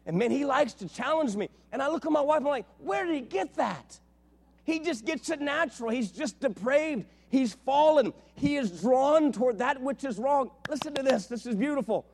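A man in his thirties preaching a sermon, animated, swinging between hushed and loud, with homey family stories. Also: very high voice, moderate pace, hardly any pauses. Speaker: pastor. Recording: hall reverb.

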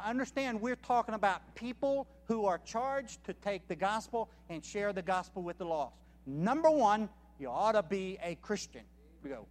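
A man's voice: sits high, big-room sound. A man preaching a sermon as a missionary, emphatic and counting off his points one by one.

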